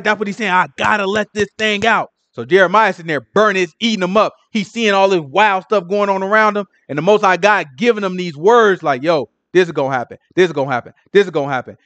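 A man's voice: high voice, no room sound. A man teaching a casual Bible study, acting out the people in the scripture and sometimes stuttering. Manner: animated, acts out scripture figures, stutters.

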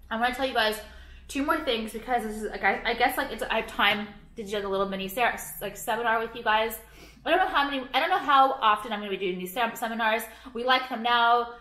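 A woman's voice: on the high side, bright, forceful tone, roomy sound. Ranting, profane young woman vlogger. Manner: rambling, profane, irritated, lots of "like". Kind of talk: casual ranting vlog.

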